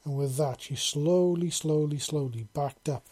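A man narrating a fantasy story in a measured, unhurried way. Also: on the high side, a little mellow, slightly rough.

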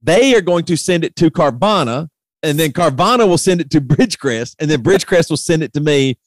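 A middle-aged man tells a long, exasperated story in casual conversation. His pitch swings widely, climbing sharply when he gets worked up, and the recording is dry and close. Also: a little fast, dry recording. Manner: animated retelling, voice rising sharply when heated.

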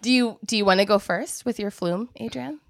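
A woman's voice: mid-range voice, fairly quick, vocal fry, no echo. A woman hosting a casual chat, encouraging and playful, often laughing.

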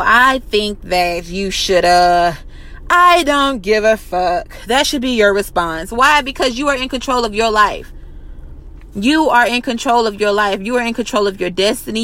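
A woman's voice: a little high, fairly bright tone. Woman, motivational pep talk, blunt and profane, repeats for emphasis. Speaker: motivational vlogger.

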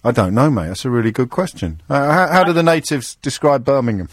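Lively, teasing male radio host. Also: medium pitch, no room sound, clean studio sound. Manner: teasing, quick-witted banter. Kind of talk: phone-in chat.

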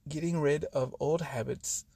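Slow, gravelly-voiced tired man rambling. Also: fairly high pitch, fairly even intonation, mellow, no echo. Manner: tired, trailing off, sighing; words run together at times. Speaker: podcast host. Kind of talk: rambling personal monologue.

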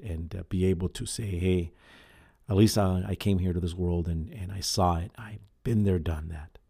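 A man with a low, deep voice talks through his solo podcast. His tone is mellow and dark, and his delivery is earnest and halting, full of fillers and restarts. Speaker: podcast host. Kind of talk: casual solo podcast talk.

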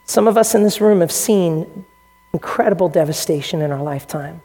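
A US pastor's earnest sermon echoes through a church hall with a long reverb tail. His voice is fairly high yet dark in tone and brisk in pace, and he dramatizes each quote with shifting voices.

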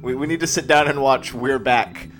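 Podcast cohost guy, sarcastic, swears a lot, middle pitch, faint music behind. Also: normal speed, a bit bright. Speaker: podcast co-host. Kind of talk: casual comedic banter.

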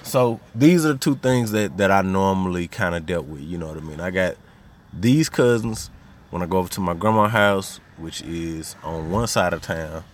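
Low-voiced and speaking at a normal pace, a Little Rock, Arkansas man with a Southern accent hosts a podcast. He tells personal stories in a relaxed, slang-heavy way, often saying "you know what I mean."

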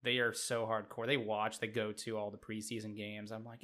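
A man co-hosting a sports podcast with a fairly low voice. He talks casually and rambles, with lots of filler words. He is from the Midwest. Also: little pitch movement, moderate pace, bright, forceful tone. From Midwest United States. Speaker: podcast co-host.

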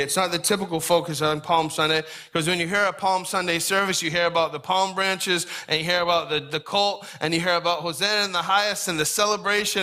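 A man's voice: high voice, pushed and bright. A middle-aged man preaching a sermon in a conversational, folksy way, with asides to the congregation. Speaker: pastor.

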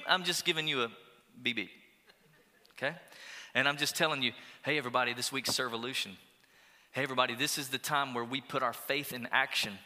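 A man preaching a sermon as pastor, energetic and urging, with call-and-response asides to the congregation. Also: fairly high pitch, fast, long reverb tail. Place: church auditorium.

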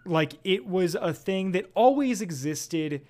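Deadpan male podcast guest. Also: sits high, slow. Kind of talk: casual podcast chat.

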